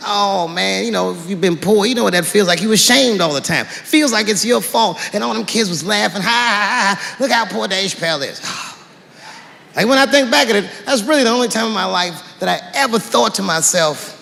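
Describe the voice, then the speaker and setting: A man's voice: fairly quick, gravelly, in a large hall. A man doing stand-up storytelling, acting out family conversations with wide swings in his delivery. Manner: animated, swings pitch widely acting out family dialogue. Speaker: stand-up comedian.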